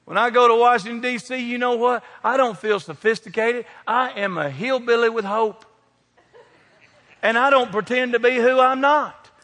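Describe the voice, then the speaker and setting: Male pastor, folksy humor, bright tone, long church reverb. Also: very high-pitched, moderate pace. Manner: folksy, joking preacher addressing congregation by name. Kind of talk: sermon. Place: large church sanctuary. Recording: long hall reverb from sanctuary.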